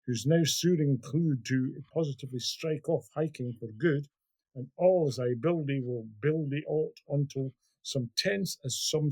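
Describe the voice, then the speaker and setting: A man's voice: mid-range voice, husky. A Scottish man, a guest on a podcast, reading literature aloud and then chatting about it. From Scotland. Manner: animated, broad-voiced reading.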